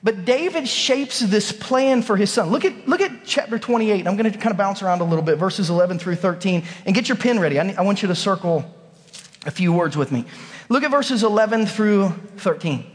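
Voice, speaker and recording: Pastor, man, 30s, high voice, animated storyteller, church sermon with long hall echo. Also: a little fast. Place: church sanctuary.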